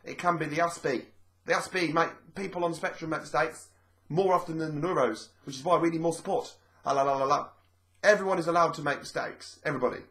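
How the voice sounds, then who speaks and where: A man talks straight to his viewers in a relaxed, explanatory vlog. His voice sits a little high for a man. He rambles, restarts and repeats himself as he works through each point. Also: quick pace. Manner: chatty and rambling, repeats phrases, acts out quoted speech. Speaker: vlogger.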